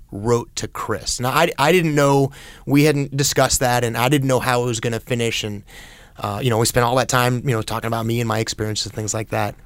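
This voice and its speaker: A man appearing as a guest on a podcast, speaking in a measured, thoughtful way. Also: medium pitch, dry recording. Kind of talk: reflective podcast conversation.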